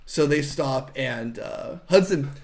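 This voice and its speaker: Animated man recapping a movie. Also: on the high side, slow. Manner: animated retelling, shouting out characters' lines. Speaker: podcast host. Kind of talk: casual movie recap chat.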